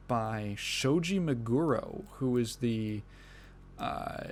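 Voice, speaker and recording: A little hiss or hum sits under this man's mid-range, slightly mellow voice. He hosts a gaming podcast solo, rambling in a casual way, swearing freely, and often laughing mid-sentence.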